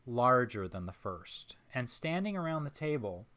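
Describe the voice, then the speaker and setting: A man narrating as game master of a tabletop role-playing game, describing scenes in a measured, pausing way. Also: medium pitch, sing-song, fairly bright tone. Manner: measured, descriptive, with frequent pauses.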